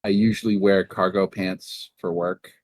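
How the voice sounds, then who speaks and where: Rambling low-voiced man, casual podcast chat. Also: measured pace, dry recording. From Massachusetts. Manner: rambling, profane, animated in retold dialogue. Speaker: podcast co-host.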